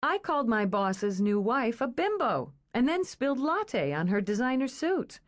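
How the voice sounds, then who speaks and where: A woman's voice: on the high side, sing-song, normal speed, pitched above the performer's own voice. A woman reading an audiobook, voicing a wry, teasing young woman who works at a gallery.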